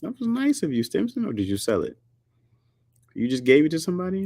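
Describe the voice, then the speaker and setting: A man from the United States chatting casually and jokingly with his audience, often jumping into a high squeaky pitch for emphasis. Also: huge pitch swings, a little fast, long pauses, warm tone, no echo, studio quality. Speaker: streamer host. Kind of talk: casual chat.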